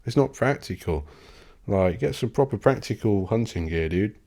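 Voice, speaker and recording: A man with a deep, low voice hosts a casual solo podcast. He rambles and swears, cutting himself off mid-word and chuckling between thoughts. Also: expressive, normal speed, vocal fry, mellow. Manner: rambling, sweary, self-interrupting, laughs often. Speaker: podcast host.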